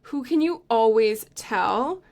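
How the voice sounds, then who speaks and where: A young woman with a voice pitched a little high co-hosts a podcast in casual chat. She tells lively stories, slips into quoted voices and laughs often. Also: slow pace, creaky. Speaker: podcast co-host.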